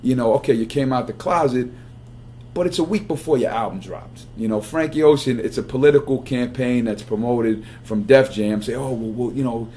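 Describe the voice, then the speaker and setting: Man, interview clip, halting, repeats words, mellow tone, faint background hum. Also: mid-range voice. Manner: halting, repeats words, leans on "you know". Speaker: rapper in a played interview clip. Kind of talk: casual interview talk.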